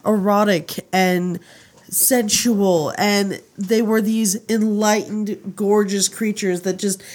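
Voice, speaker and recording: A woman's voice: medium pitch, steady tone, slow, darkish tone. A woman co-hosting a casual podcast, chatty and opinionated. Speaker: podcast co-host. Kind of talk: casual chat.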